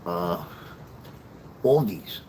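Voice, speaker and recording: A man's voice: sits low, lively intonation, very slow, a little mellow, slight background noise, low-quality recording. An older man telling stories and chatting casually with viewers on a livestream, blunt and profane. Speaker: livestream host.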